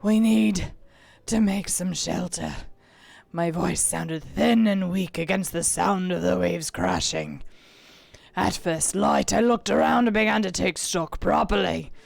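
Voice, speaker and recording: Woman doing a grim weathered sea captain, gravelly and slow, a bit lower than her own voice, close and dry. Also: expressive, darkish tone, dry recording, heavily acted. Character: weathered male ship captain, grim and determined.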